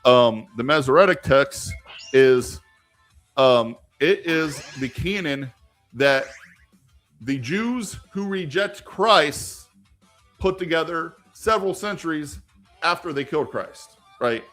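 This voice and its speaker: A man's voice: fairly high pitch, animated, slow pace, a bit bright, faint music behind. A young man from rural southern Ohio hosting a casual live-stream Q&A, rambling and argumentative with many restarts. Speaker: livestream host answering viewer questions. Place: home room with icons on the wall.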